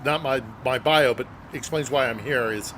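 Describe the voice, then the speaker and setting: A man's voice: mid-range voice, normal speed, a bit bright, a little hiss or hum. A middle-aged man, a journalist guest, telling a story casually and earnestly, with many fillers and hesitations.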